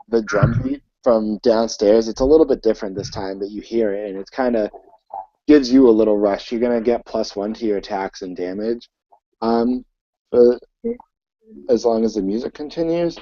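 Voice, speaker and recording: A man narrating as game master for a tabletop game, talking in a halting way with many ums and restarts. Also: medium pitch, mellow, no echo, highs cut off.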